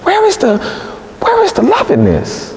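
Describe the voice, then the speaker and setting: A man preacher voicing Delilah, an angry woman demanding love, in a shrill, pleading, indignant voice, recorded in an echoey church hall. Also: wildly swooping pitch, unhurried, vocal fry, a little mellow, a little hiss or hum, full character voice.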